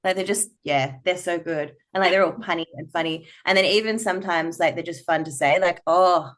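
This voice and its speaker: A woman's voice: lowish voice, a little fast. A woman from Perth, a guest on a podcast, telling stories playfully and acting out little quotes with frequent laughs. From Perth, Australia. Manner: playful, animated storyteller who acts out quotes and laughs often. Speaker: burlesque performer, podcast guest. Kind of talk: casual interview chat.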